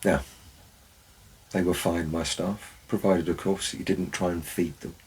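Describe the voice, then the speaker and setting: A man's voice: sits low, steady tone, unhurried, husky, low-quality recording. A man, a former forest warden, tells wry anecdotes in a dry, storytelling way. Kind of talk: storytelling narration.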